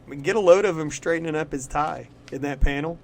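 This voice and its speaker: A man co-hosting a podcast, chatting casually about comics in a loose, profane way, full of "like" fillers and quick laughs. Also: a little high, vocal fry, slight background noise. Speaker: podcast co-host. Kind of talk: casual comic-book chat.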